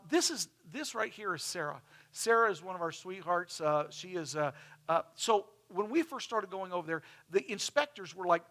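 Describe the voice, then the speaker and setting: Bright-voiced chatty preacher. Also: male voice, high voice. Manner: chatty, storytelling, acts out quoted people. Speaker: pastor. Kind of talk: casual sermon, telling stories over slides. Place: church.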